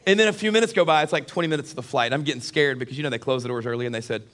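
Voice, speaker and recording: A man's voice: mid-range voice, very fast. A middle-aged male pastor preaching a sermon, telling a comic story to his congregation. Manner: animated, jokey storyteller who addresses the congregation.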